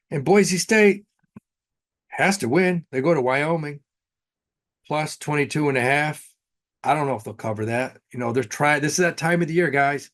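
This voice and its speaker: A man casually running through betting picks for the weekend games in a blunt, offhand way, with frequent fillers. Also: medium pitch. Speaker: sports betting analyst.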